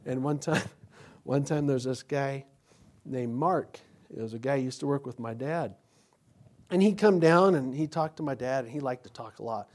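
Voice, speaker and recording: A pastor giving an informal Bible teaching, telling rambling personal anecdotes. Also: male voice, medium pitch, normal speed, darkish tone.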